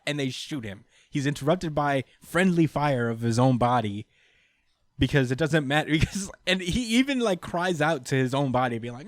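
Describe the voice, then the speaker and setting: A young man talks over a dry, close mic, his voice sitting a touch high. He recaps a chapter casually and animatedly. He laughs a lot and slips into character lines as he goes. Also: expressive, moderate pace, no echo. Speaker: podcast co-host recapping a manga chapter. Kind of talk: casual chat.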